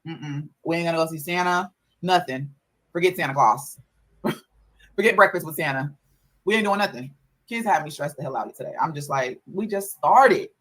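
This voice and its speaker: A woman's voice: low-pitched, normal speed, a bit bright, rough recording. Mom venting about her kids in a vlog, swears a lot, fed up, keeps repeating herself. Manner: exasperated, profane ranting with repeated phrases. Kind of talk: casual vlog storytelling.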